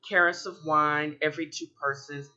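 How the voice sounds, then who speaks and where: A podcast host reading his own story aloud, halting now and then with slips and restarts. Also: on the high side, steady tone, pushed and bright, dull audio, a little hiss or hum. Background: typing.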